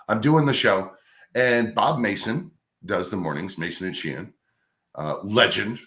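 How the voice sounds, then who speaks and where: A middle-aged man, a radio host, telling a career story in a casual, animated way. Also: deep voice. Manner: animated anecdote telling with acted-out quotes. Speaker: radio host, podcast guest.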